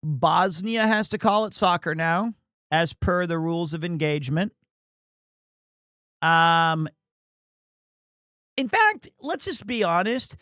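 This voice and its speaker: A man riffs through casual sports commentary, rambling, crude and quick to mock himself. His voice sits notably high. The sound is dry and close, with no room echo. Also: bright, forceful tone. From United States. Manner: rambling, crude, self-mocking. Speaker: streamer.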